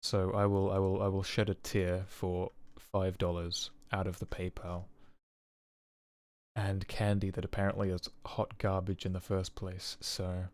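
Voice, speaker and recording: Low-voiced joking young man streaming. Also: monotone, unhurried, dry recording. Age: 20s. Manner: joking, self-mocking banter with chat. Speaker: game streamer. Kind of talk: casual live-stream chat while playing.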